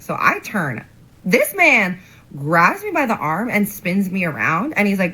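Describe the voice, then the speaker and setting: A woman's voice: lowish voice, very animated, moderate pace, pushed and bright, slight background noise, poor audio. A woman telling a story about a bad date in a sarcastic, indignant way. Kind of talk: casual storytime.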